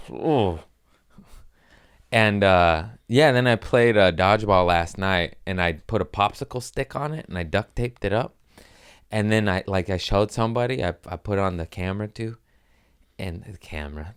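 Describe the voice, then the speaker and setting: A man's voice: on the low side, normal speed, clear, resonant tone. A man hosting a comedy podcast, rambling through crude jokes in a casual monologue, giggling often and slipping into silly voices.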